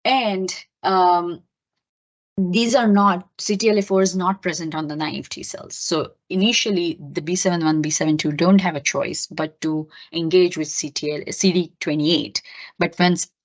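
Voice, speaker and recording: A woman's voice: fairly low pitch, steady tone, moderate pace, lo-fi sound. A woman giving a recorded lecture, explaining step by step with many fillers and self-corrections.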